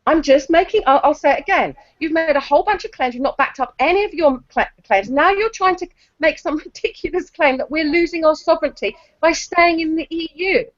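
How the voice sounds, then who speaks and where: Combative woman, high voice. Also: a little fast, dry recording. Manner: combative, talks over others. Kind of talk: heated online debate. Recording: dull lo-fi call audio.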